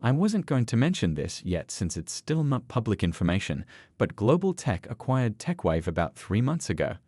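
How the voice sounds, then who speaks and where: A man reading the lines of a composed male company chief in a story, measured and level. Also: lowish voice, big pitch swings, darkish tone, no echo.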